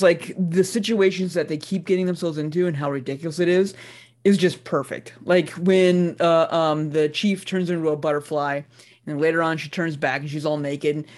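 A man's voice: a little high, darkish tone. A man casually joking and riffing with friends on a podcast about an anime. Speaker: podcast co-host. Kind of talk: casual anime discussion chat.

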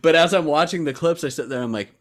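A man's voice: a little high, racing. A young man from Texas co-hosting a podcast in casual, rambling chat full of fillers and restarts. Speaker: podcast co-host.

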